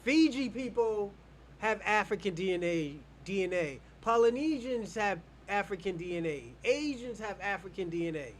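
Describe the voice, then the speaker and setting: A man's voice: sits high, animated, moderate pace, a little hiss or hum. An American man hosting an online show, arguing bluntly and profanely in a heated live debate. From United States.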